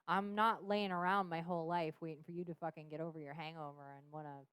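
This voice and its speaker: A woman's voice: low-pitched, steady tone, fast talker, fairly bright tone, clear, resonant tone, no room sound. Candid, profane woman telling her story. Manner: frank, profane, laughs often. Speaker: podcast guest.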